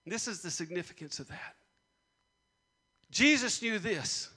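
A man's voice: high-pitched, animated, a little slow, pushed and bright, breathy edge. A man preaching a sermon, repeating punchlines and leading call-and-response with the congregation. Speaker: pastor.

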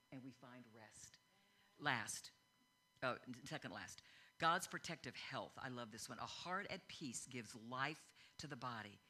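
A middle-aged woman preaches in a relaxed, story-driven way, laughing and slipping into the voices of people she quotes. Her tone is bright and forward. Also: extremely low pitch, slightly rough. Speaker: speaker teaching on faith. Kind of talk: informal sermon with personal stories.

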